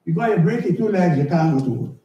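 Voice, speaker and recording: A man preaching a sermon as pastor, animated and storytelling, sometimes shouting. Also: sits high, fast talker, muffled recording, a little hiss or hum. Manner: animated, shouting at times, storytelling with acted dialogue. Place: church. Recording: echoey church hall, mic at a distance. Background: congregation answering.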